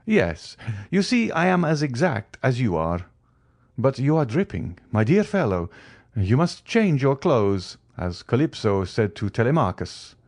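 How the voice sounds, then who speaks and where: A man's voice: mid-range voice, very animated, unhurried, darkish tone, dry recording, studio quality, voice pushed up. Man doing the Count, a courteous nobleman. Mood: cordial. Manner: polished, gracious. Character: the Count, wealthy mysterious nobleman, courteous and melancholy.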